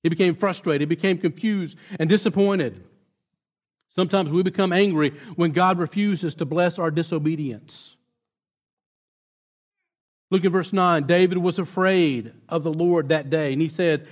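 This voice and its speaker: A male pastor preaching a sermon in a conversational, emphatic way, with halting restarts. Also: a little high.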